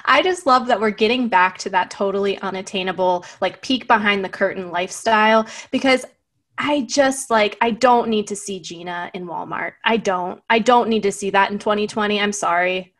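A woman's voice: medium pitch, moderate pace, a bit bright. A woman co-hosting a casual podcast, chatty and emphatic, who laughs often. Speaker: podcast co-host.

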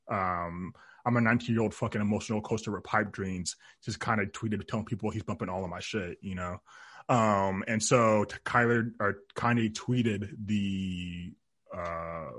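A man's voice: fairly low pitch, fairly bright tone, dry recording, studio quality. A young man co-hosting a podcast, chatting casually about music and rambling while he hunts for lyrics. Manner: rambling, searches for lyrics mid-sentence. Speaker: podcast co-host.

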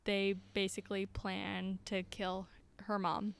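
A woman's voice: medium pitch, completely flat delivery, takes it slowly, creaky, clear, resonant tone, no room sound. A young woman co-hosting a podcast, chatting casually and trailing off with lots of fillers and laughs. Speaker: podcast co-host. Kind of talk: casual chat.

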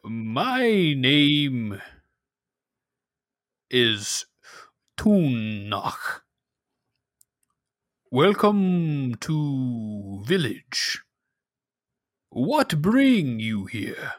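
A man voicing a solemn male cave villager who speaks slow, halting, broken English. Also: medium pitch, big pitch swings, dry recording, clean studio sound.

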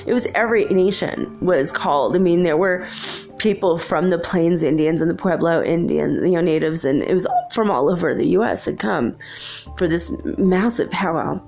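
A woman's voice: lowish voice, moderate pace, vocal fry, a little mellow, faint music behind. A woman telling a personal story in a gushing, emotional, rambling way, with many restarts.

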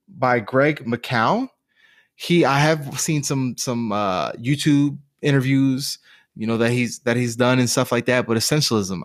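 A man's voice: mid-range voice, no room sound, studio quality. A man in his twenties co-hosting a casual chat, enthusiastically recommending shows and books. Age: 20s. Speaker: podcast co-host.

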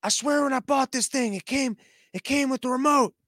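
A man's voice: extremely high pitch, no echo, studio quality, pitched above the performer's own voice. A man impersonating a muddled elderly male president who stammers and repeats himself. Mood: confused. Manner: quiet, halting, stammering with repeated words.

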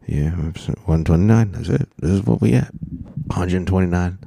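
A man hosting a casual solo podcast, tired and rambling, profane, sometimes breaking into loud rants, speaking into a mic on a stand. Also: sits low, fairly quick, vocal fry, breathy edge, no room sound, clean studio sound. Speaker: podcast host. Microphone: studio mic on a stand.

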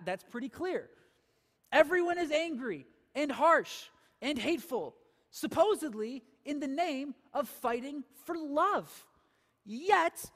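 A man with a very high voice delivers a sermon as pastor. He preaches with emphasis and throws rhetorical questions at the congregation. His voice rings out with a long reverb in a large church hall. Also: fairly bright tone.

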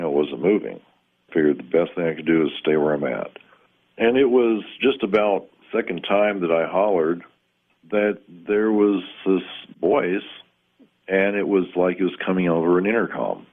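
A man calmly recounting a strange personal experience in plain, measured words, sometimes pausing to find the right term. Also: deep voice. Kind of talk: first-person spoken recollection. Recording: tinny phone-like line.

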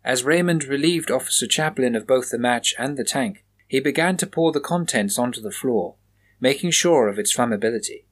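A man reading a scripted horror story aloud in a measured, even storytelling manner. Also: medium pitch. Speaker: narrator.

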